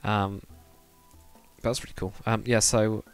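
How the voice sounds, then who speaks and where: Gravelly young Englishman streaming, rambling. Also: on the low side, little pitch movement, unhurried, faint music behind. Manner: rambling, chatty, reads viewer comments aloud. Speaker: live streamer. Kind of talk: casual chat while building in a game.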